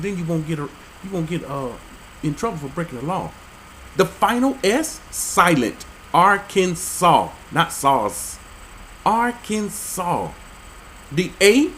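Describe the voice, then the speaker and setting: A man reading out odd laws and commenting on them, with an animated, incredulous and joking manner. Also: fairly high pitch, a little hiss or hum, rough recording. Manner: animated, incredulous, jokey asides. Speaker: religious commentator.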